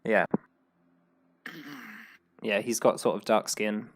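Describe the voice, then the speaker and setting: A man's voice: on the low side, steady tone, slow. A man acting as game master, describing the game world in a rambling way with many restarts. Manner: rambling, full of fillers and restarts.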